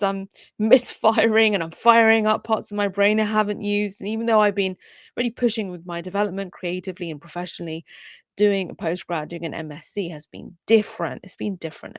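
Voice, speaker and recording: A woman, hosting an advice vlog in a chatty, emphatic way with hushed asides. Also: medium pitch, no echo, clean studio sound. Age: 40s. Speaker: creator coach and channel host. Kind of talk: direct-to-camera advice vlog.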